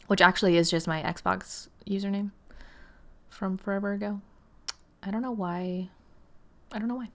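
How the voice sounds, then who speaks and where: A woman's voice: medium pitch, gravelly. A young woman in her twenties chatting through gameplay commentary, rambling with lots of fillers and sometimes dropping to a whisper. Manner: chatty and rambling, with frequent "like" and "um" and some laughter. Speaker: gaming channel host.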